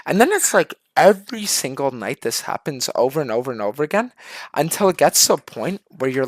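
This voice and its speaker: Animated, cursing man on a rant. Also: mid-range voice, fairly quick, no room sound. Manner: animated, profane storytelling. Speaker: streamer. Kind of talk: casual rant.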